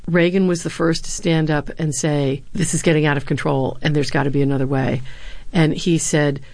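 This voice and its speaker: A middle-aged woman, a former speechwriter and professor, answering interview questions with earnest, animated storytelling. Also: sits low, moderate pace, dry recording. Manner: earnest, animated retelling of anecdotes.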